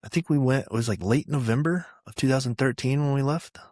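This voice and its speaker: Army stories pour out fast from a thirty-something veteran guest from Georgia, USA, whose medium-pitched voice comes through clean studio sound without room echo. The interview is casual, and he swears freely while loudly performing others' voices.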